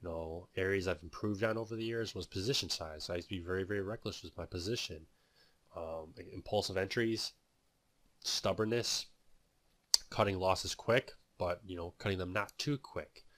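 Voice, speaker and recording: A man's voice: low-pitched, steady tone, normal speed, a bit bright, no room sound. A man telling his own story and teaching day trading in a loose, rambling way, full of "you know" fillers. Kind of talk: casual spoken testimony.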